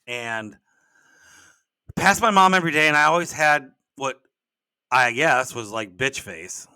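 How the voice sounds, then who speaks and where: Bright-voiced older man telling folksy stories. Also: mid-range voice, animated, measured pace, clear, resonant tone, no echo. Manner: rambling, folksy, repeats words when restarting. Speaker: podcast host and business coach. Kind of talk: casual solo podcast storytelling.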